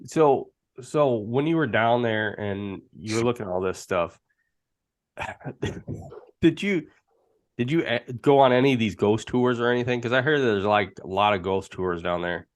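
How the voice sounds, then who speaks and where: A man in casual chat, relaxed, teasing and telling anecdotes. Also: medium pitch, moderate pace.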